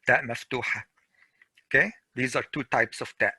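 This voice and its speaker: A man's voice: mid-range voice, sharp tone, breathy edge, no room sound. Middle-aged male grammar teacher, online class, dry and close mic. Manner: slow, patient, repeats examples. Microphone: video call.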